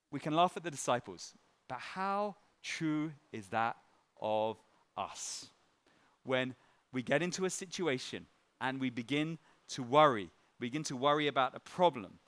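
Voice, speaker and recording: A man's voice: mid-range voice, fairly bright tone. A middle-aged man preaching a sermon in a light-hearted, conversational way, telling stories and chuckling. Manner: conversational, with frequent fillers and restarts.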